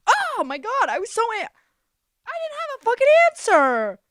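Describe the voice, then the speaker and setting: A woman's voice: very high voice, huge pitch swings, moderate pace, a bit bright, no room sound, clean studio sound. A young woman hosting her own podcast, talking alone in a sarcastic, self-deprecating way, swearing freely and sounding a bit stuffy from a cold. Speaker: podcast host. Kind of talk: casual solo podcast monologue.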